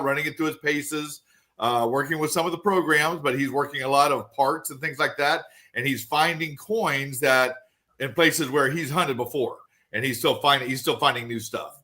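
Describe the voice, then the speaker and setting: Man, bright tone, quick rundown, casual report, frequent uh and um. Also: on the high side. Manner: quick, auctioneer-like rundown with fillers. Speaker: guest treasure hunting reporter.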